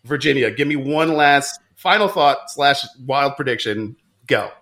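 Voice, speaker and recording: A man's voice: medium pitch, unhurried, fairly bright tone. A man hosting a casual podcast chat, upbeat and laughing often as he steers the talk. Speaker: podcast host.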